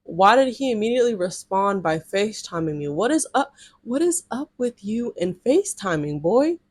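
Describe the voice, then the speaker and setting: A woman's voice: mid-range voice, very animated, moderate pace, no echo. A young adult woman, blunt and sassy, telling a dating story casually to her viewers with slang and strong reactions. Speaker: storytime vlogger.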